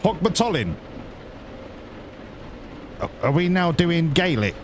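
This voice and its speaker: A man gives casual, sarcastic commentary while he plays a driving game, and he swears freely. His voice is somewhat high and swings around a lot. A faint background noise sits under the recording. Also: sing-song, normal speed. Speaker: streamer.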